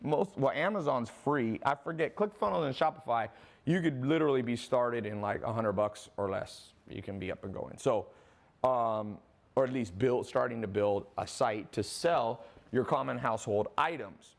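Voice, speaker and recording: A man's voice: medium pitch, moderate pace, gravelly. A man giving a casual, rambling sales presentation straight to the viewer, often breaking off and asking "okay?". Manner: rambling, restarts, addresses viewer directly with "okay?". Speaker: online business presenter.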